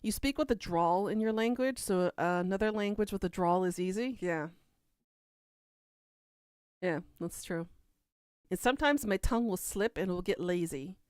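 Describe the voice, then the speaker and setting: A woman from Kentucky with a Southern accent hosts a relaxed podcast, talking through viewer comments in a rambling, chatty way. Her voice is smooth and clear at a middling pitch. The recording is dry and close, with no room sound. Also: normal speed, long pauses, no echo. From Kentucky, USA. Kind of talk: casual chat.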